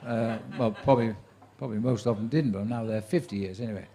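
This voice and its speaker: A man's voice: on the low side, fast, mellow. A man in his seventies, a sports commentator, telling career stories to a live audience with dry wit and acted-out quotes. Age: 70s. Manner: chatty raconteur who acts out quoted voices, dry wit. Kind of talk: anecdotal storytelling to a live audience.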